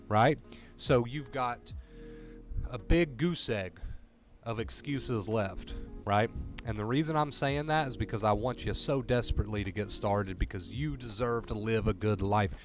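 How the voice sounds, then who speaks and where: A man at a middle pitch talks straight to his livestream viewers about anxiety recovery. He is earnest and direct and keeps repeating his points to drive them home. Faint music plays in the background. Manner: earnest, repetitive, direct pep talk.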